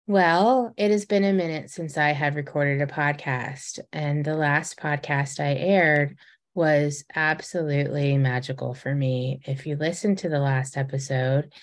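A woman in her forties hosting her own podcast, telling personal stories in an earnest, reflective way with frequent restarts. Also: sits low. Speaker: podcast host. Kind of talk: reflective casual podcast monologue.

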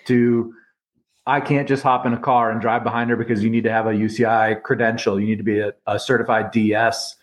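A man's voice: on the low side, flat delivery, fairly quick. A man in a casual interview, explaining practical arrangements in a businesslike way.

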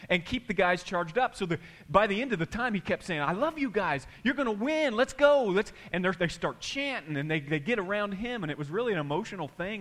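A man, a pastor preaching a sermon and telling a story from the pulpit. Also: fairly high pitch. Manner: storytelling, builds to excited quotes.

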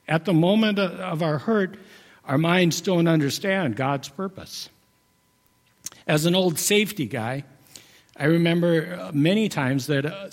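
A man's voice: fairly high pitch, big-room sound. A middle-aged man giving a folksy, conversational sermon. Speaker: preacher.

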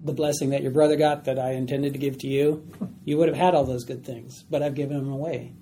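Male Bible study teacher, mellow tone, light background hiss. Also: medium pitch, flat delivery, quick pace. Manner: explains plainly, acts out voices.

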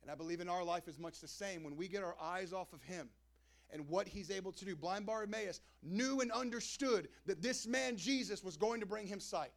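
A man's voice: sits high, brisk, gravelly. A young man preaching a sermon as the pastor, in a casual, conversational way with slangy asides. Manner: casual preaching, acts out crowd and Jesus in quoted voices.

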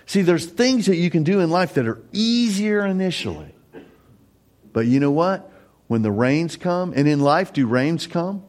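A man's voice: a little high, big pitch swings, unhurried, darkish tone. A middle-aged male pastor delivering a sermon in an earnest, conversational tone. He talks plainly to his listeners, then lifts his voice sharply to drive a point home. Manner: earnest, conversational preaching with emphatic rises.

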